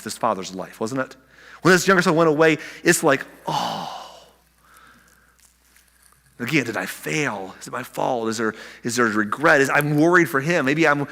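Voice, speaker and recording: A man preaching a sermon as pastor, animated, acting out the people in the story with big swings in loudness. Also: mid-range voice, big-room sound.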